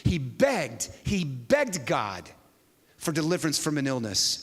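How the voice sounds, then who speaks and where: A man preaching a sermon to a church, telling a story with an animated delivery that swings from hushed to loud. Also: fairly high pitch, a little slow, husky. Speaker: pastor. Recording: long hall reverb.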